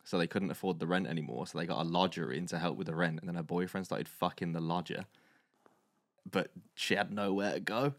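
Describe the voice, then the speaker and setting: A man, co-hosting a podcast, telling animated, sweary stories in casual chat. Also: low-pitched, a little fast, dry recording, clean studio sound. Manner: animated storyteller, swears freely, British slang. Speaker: podcast co-host.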